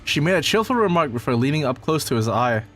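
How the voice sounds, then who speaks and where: A man's voice: on the high side, big pitch swings, quick pace, soft background music. A man reading game narration aloud and chatting playfully with friends. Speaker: reader and voice actor.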